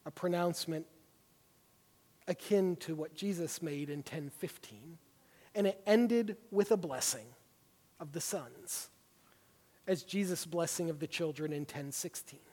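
A man's voice: a little high, unhurried, pauses often. A man preaching a sermon, teaching through a Bible passage with emphatic stresses. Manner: emphatic, builds to forceful stresses. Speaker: pastor. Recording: long hall reverb.

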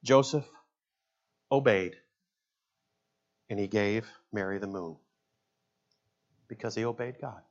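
A man's voice: lowish voice, slow pace, pauses often, highs cut off. Folksy middle-aged male pastor preaching. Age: 50s. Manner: folksy storytelling with jokes and asides. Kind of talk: sermon.

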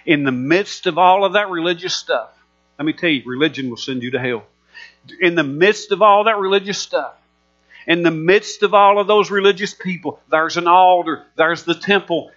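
Male preacher, high bright voice, emphatic sermon delivery, muffled recording with hum. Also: normal speed. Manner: emphatic, repetitive preaching with rising fervor.

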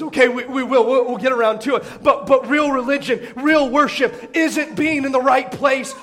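A man's voice: very high-pitched, fairly bright tone. A middle-aged man, a pastor, preaching with humorous personal stories and self-deprecating jokes, often restarting his phrases. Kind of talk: storytelling sermon.

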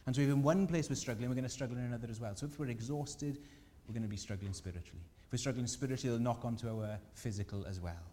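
A man preaching a sermon as pastor, earnest and gentle, his emphasis rising on key points. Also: medium pitch, very fast, hardly any pauses, big-room sound, a little hiss or hum. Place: church.

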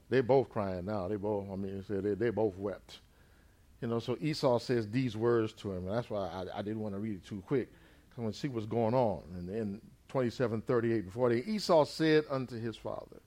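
Preaching a sermon in a fairly low, brisk voice, a man retells a scripture story in his own words. He drops in "amen" and swings between loud and quiet.

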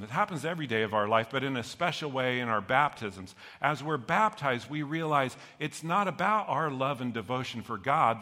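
A middle-aged male pastor preaching a sermon to his congregation, lively and jokey, often checking in with "okay?". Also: mid-range voice, in a large hall. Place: church sanctuary.

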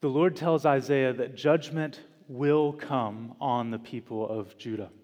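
A man preaching a sermon as pastor in a church, slow and deliberate, with dramatic pauses and emphatic repetition. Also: medium pitch, a little mellow, dull audio. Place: church sanctuary. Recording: long church reverb.

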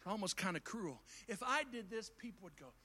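Speaking to his congregation in a folksy sermon, a man talks to them directly, moving from quiet asides to shouted climaxes. His voice is high-pitched, animated, slightly rough, and fairly quick.

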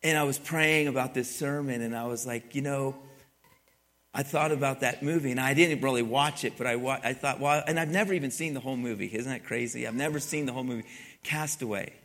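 A man preaching a sermon, telling a story in a loose, rambling way and swinging from quiet asides to loud, excited retellings. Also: medium pitch, fairly quick. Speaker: pastor.

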